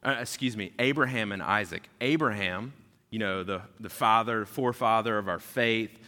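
A pastor in his thirties preaches in an easygoing, animated way, full of asides. His voice is bright and forward, with a long reverb trailing through the hall. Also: lowish voice, moderate pace. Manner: casual, animated storyteller. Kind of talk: sermon.

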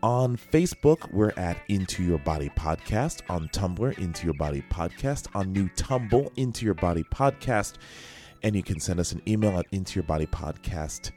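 A man's voice: low voice, animated, normal speed, darkish tone, faint music behind. A man co-hosting a podcast, chatting loosely through the news with a rambling, jokey manner. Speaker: podcast co-host. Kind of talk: casual news chat. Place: local radio studio.

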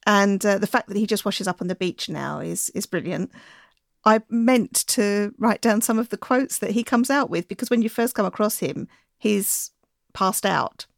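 A woman talking casually as a guest on a podcast, explaining things in a relaxed, friendly way. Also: mid-range voice, normal speed, creaky, no echo, clean studio sound. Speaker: bird enthusiast guest.

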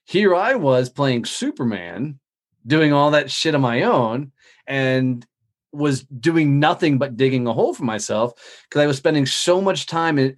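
A man telling stories as a podcast guest in a casual, profane, energetic way, acting out other people's lines as he talks. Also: mid-range voice. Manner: profane, energetic, animated storytelling with quoted dialogue. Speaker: podcast guest, business owner. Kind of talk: casual interview storytelling.

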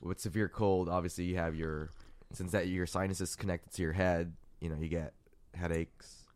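Sick male co-host, raspy and hoarse, deep voice, loose rambling delivery. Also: steady tone, moderate pace, a little mellow. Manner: rambling, laid-back, swears often. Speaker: podcast co-host. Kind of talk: casual chat.

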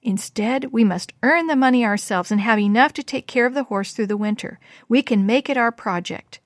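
A woman voicing a kind, gentle schoolteacher in a read-aloud story. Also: on the high side, normal speed, dry recording, studio quality, lightly acted. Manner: kind, warm encouraging.

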